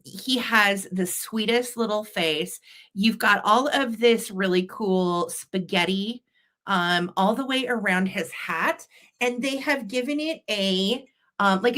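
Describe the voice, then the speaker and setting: A woman co-hosting a live vintage sale, gushing with excitement over her finds and laughing often. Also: medium pitch. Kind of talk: casual sales chat.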